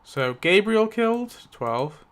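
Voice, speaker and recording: A man's voice: high-pitched, sing-song, slow pace, a bit bright. A man hosting his video, casually narrating a story rewrite decided by dice rolls, rambling with lots of fillers and little chuckles. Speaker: YouTube host.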